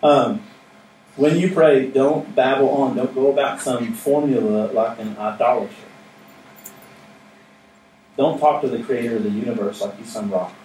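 A male pastor talks through his sermon in a relaxed, joking, plain-spoken way. The sound is roomy and echoing, picked up from a few steps back. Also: mid-range voice, moderate pace, long pauses. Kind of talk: conversational sermon. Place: church sanctuary with responding congregation. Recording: echoey room, mic at a distance, faint noise.

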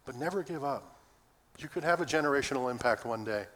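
A man's voice: mid-range voice, expressive, brisk, fairly bright tone. A middle-aged man preaching a sermon to his congregation in a folksy, earnest way. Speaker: pastor. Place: church sanctuary. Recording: reverberant church hall.

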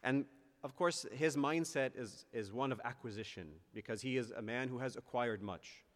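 A male priest giving a sermon in an earnest way, rising to emphatic peaks and slowing down on key phrases. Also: mid-range voice. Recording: long church reverb.

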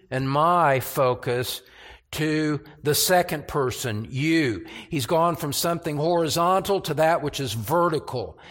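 An older man preaching an expository sermon, slow and deliberate, with emphatic rises on key phrases. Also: a little high, fairly bright tone.

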